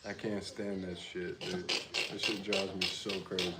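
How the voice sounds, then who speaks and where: A man's voice: deep voice, flat delivery, a little slow. A man co-hosting a casual podcast, telling stories with lots of laughter and swearing freely. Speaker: podcast co-host. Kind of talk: casual chat. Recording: echoey room with noise.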